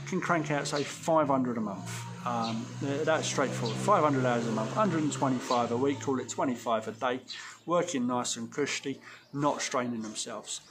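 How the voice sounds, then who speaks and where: A man's voice: medium pitch, normal speed, background noise. A man giving blunt, cheeky business advice to viewers in a casual vlog, recorded outdoors. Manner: blunt, cheeky, slangy, talks straight to viewers. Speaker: window cleaning business owner.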